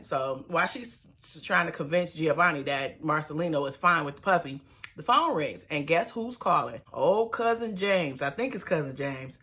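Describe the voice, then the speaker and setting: A woman's voice: on the low side, fairly bright tone. A woman giving a sassy, chatty recap of a reality show, with slangy asides to her viewers. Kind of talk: casual TV episode recap.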